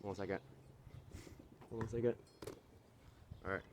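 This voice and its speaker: A man's voice: on the low side, steady tone, a little slow, a little mellow, a little hiss or hum. A man vlogging while walking outdoors, talking into a phone on a selfie stick, brash, boastful and profane, and out of breath. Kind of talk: casual walking vlog. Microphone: phone camera on a selfie stick.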